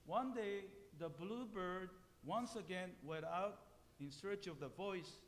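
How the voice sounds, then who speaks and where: A man tells a children's-style tale during a sermon, hesitant and slow, restarting words as he explains. His voice sits fairly high. His words ring out in a temple hall with a long reverb trailing behind them. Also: slight background noise. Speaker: minister. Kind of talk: sermon storytelling.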